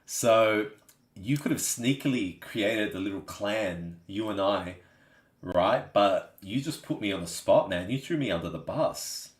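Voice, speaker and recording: An Australian man hosts a live stream and chats casually with his viewers. His voice sits low, and he keeps asking "you know what I mean?" The room around him is echoey. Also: expressive, measured pace. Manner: chatty, laid-back, says "you know what I mean" often.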